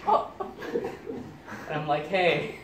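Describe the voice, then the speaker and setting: A young man improvising an absurd story out loud, deadpan and halting, often cracking up at his own lines. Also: a little high. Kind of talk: rambling improvised comic story. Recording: echoey room, distant mic, loud noise.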